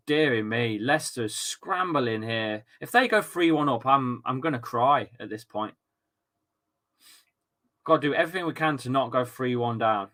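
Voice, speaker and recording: A man hosting a live football watchalong stream, reacting loudly to the match and chatting with his viewers in a casual, excitable way. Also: mid-range voice. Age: adult with a young son. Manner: excitable, shouts and swears at the match, chats with viewers. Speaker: livestream watchalong host.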